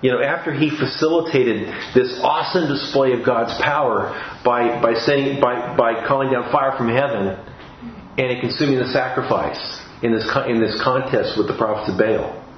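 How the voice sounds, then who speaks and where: A man's voice: mid-range voice, moderate pace, slight background noise. Male preacher, earnest, restarts often, roomy dull recording. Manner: earnest, with frequent restarts and repeated phrases. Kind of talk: sermon.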